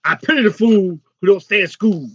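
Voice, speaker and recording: A man putting on a gruff tough guy who yells and scolds people as fools. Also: high voice, a little fast, dull audio. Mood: scolding. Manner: yelling, scolding. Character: gruff tough-talking man barking insults.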